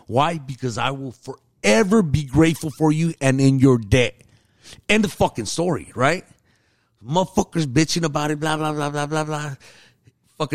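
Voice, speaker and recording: An army sergeant tells a rowdy, profane story in casual chat. His voice sits a little high for a man, and he throws himself into the quotes he acts out.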